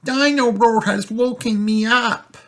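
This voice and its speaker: A man voicing a chatty, bossy little girl piglet from a children's storybook, in a squeaky high put-on voice. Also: fairly even intonation, slow pace, fairly bright tone, heavily acted. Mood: excited.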